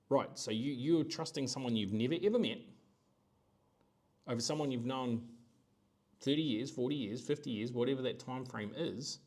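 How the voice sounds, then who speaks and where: Middle-aged New male host, casual animated monologue, acts out others' voices. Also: medium pitch, normal speed, pauses often. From New Zealand. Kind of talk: live-stream monologue.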